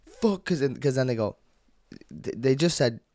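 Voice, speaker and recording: A young man telling a story as a vlogger, profane and animated, acting out people yelling. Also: medium pitch, moderate pace, no room sound. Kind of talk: casual storytelling rant.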